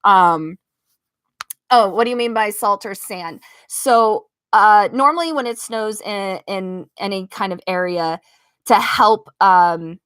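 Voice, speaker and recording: A woman's voice: mid-range voice, slow pace, no echo. Young american woman livestreaming from her bedroom, telling a story, laughing a lot, plays out what everyone said, dry close mic. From United States (Las Vegas). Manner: lively, laughs often, acts out quoted lines. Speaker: live-stream host. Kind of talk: casual storytelling to a live chat. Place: home bedroom. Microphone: own microphone at desk.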